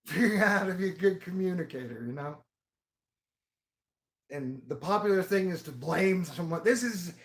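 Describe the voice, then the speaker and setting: Male vlogger, high voice, profane rambling monologue with loud outbursts. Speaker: video blogger.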